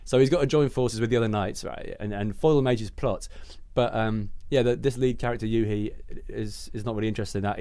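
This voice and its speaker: A man's voice: lowish voice, mellow, no echo. A man reading out and joking about comic blurbs in a casual chat, rambling and often laughing. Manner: giggly, rambling, slips into silly accents. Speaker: podcast co-host.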